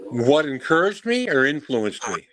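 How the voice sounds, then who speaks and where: A man's voice: a little high, very animated, normal speed, a bit bright, a little hiss or hum, low-quality recording. A man joking and teasing his friends on a casual video call. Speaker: guest woodworking YouTuber. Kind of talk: casual group video chat.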